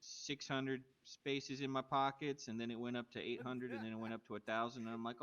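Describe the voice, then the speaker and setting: A man's voice: mid-range voice, flat delivery, fairly quick, few pauses, heavy background noise. A man telling a rambling in-character story during a roleplay game stream, chuckling between sentences. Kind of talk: casual in-character chat.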